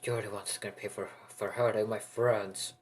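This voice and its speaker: A man's voice: on the low side, little pitch movement, normal speed, a little hiss or hum, natural voice. A man voicing a hot-headed young male hero in a fan-made story, talking bluntly. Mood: defiant. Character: brash young male hero, defiant and loud.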